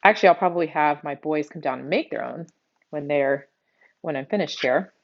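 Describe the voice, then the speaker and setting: A woman's voice: deep voice, brisk, lo-fi sound. A middle-aged woman from South Texas with a Texas accent, hosting a live cooking demo from her home kitchen and chatting straight to her viewers. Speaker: cooking show host.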